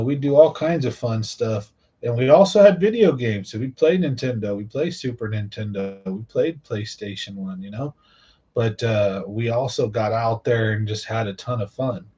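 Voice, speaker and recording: A man's voice: medium pitch, dark tone, breathy edge, lo-fi sound. A middle-aged man hosting a casual talk monologue, rambling with many fillers and tag questions. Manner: rambling, filler-heavy, repeats "right?". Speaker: host.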